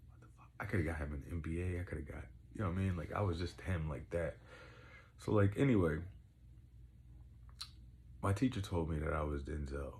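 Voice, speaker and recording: A young man telling rambling, profane stories in casual chat, getting excitable as he goes. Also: deep voice, a little hiss or hum. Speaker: podcast host. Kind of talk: casual storytelling.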